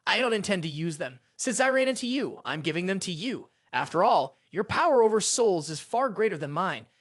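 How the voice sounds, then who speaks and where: Guy doing a proud sun god ranting away, high lively voice, dry sound. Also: brisk, no room sound, heavily acted. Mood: calm. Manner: indignant, ranting.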